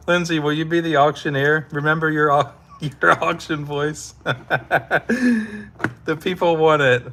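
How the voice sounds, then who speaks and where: A man's voice: fairly high pitch, little pitch movement, slow pace, sharp tone, slight background noise. A man hosting a casual live stream, laid-back and laughing often as he talks with his chat, his throat sore from hours of talking.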